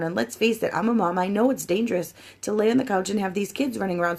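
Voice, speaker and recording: A woman in her thirties giving a casual coaching talk to her team, acting out customer chats in a lively, chatty way. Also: medium pitch. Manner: chatty, animated, acts out sales chats. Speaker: sponsor training her team. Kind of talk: casual coaching talk with role-play examples.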